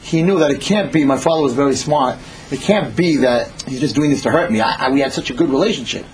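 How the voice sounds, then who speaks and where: A man's voice: mid-range voice, quick pace, slight background noise, close to an everyday voice, rough recording. A man voicing a hardworking, weary son who speaks plainly and earnestly.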